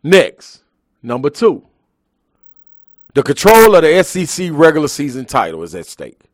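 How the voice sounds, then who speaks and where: A man's voice: a little high, huge pitch swings, moderate pace, no echo, clean studio sound. A man hosting a live sports talk show, ranting emphatically in heavy slang.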